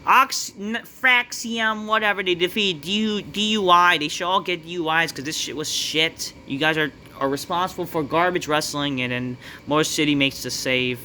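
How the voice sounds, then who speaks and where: A man's voice: fairly high pitch, moderate pace, few pauses, pushed and bright, slight background noise. A man ranting in a profane, dismissive way while reviewing a wrestling show.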